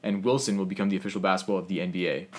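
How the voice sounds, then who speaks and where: A man's voice: low-pitched, steady tone, very fast. A man co-hosting a casual basketball podcast. He is upbeat, laughs often and leads the news segment. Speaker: podcast co-host. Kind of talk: casual sports chat.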